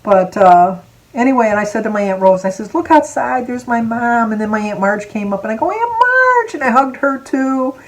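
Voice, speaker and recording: A vlogger from Michigan, USA, in her sixties, tells viewers a personal story to camera in a fairly high, slightly fast voice on a low-quality recording. She's chatty and rambling, drifting off topic with asides, near tears and laughing now and then.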